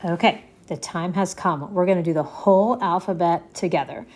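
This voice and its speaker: A woman's voice: fairly low pitch, moderate pace, darkish tone. A woman teaching a language lesson, leading the listener through letters to repeat after her, patient and encouraging, often checking in. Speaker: Spanish teacher.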